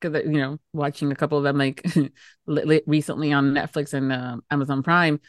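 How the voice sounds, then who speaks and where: A woman with a notably low voice, chatting as a podcast guest. She rambles with restarts and slips in giggles, and the recording is dry and close. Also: fairly even intonation, fairly quick, no room sound. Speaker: podcast guest, audiobook promoter. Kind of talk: casual interview chat.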